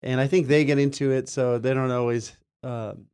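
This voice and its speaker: A man's voice: medium pitch, steady tone, moderate pace, darkish tone, clean tone. A man co-hosting a spiritual talk show, telling earnest, rambling personal stories in casual chat.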